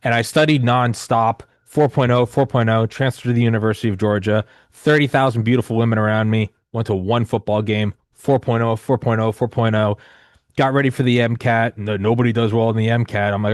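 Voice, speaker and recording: A man's voice: medium pitch, fairly even intonation, brisk, dry recording, clean studio sound. A man in his thirties telling a long personal story in casual conversation, rambling and profane with many restarts and fillers. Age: 30s.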